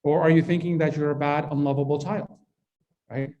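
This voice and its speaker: A man's voice: a little high, steady tone, a little fast, warm tone, muffled recording. A man leading a parenting workshop in a mosque hall, talking conversationally and often checking in with the audience. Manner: conversational, keeps asking the audience "right?". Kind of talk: interactive workshop talk.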